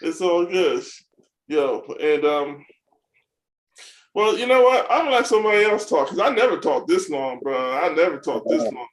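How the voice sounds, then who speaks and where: A man hosting a casual chat, talking in a relaxed, slangy way and handing the floor to a guest. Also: a little high, moderate pace, roomy sound. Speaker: host.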